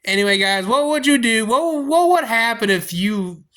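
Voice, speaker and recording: A young man tells a story to his viewers in a casual, rambling way, restarting his sentences often. His voice sits high and has a bright, forceful edge. He sounds animated as he tells it. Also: moderate pace. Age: young adult. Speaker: storytime vlogger.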